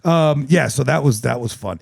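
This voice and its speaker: Gravelly, swearing middle-aged podcast host. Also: male voice, mid-range voice, normal speed, dry recording. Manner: animated, profane, rambling storyteller. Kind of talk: casual podcast storytelling. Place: podcast studio. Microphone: studio mic with headphones.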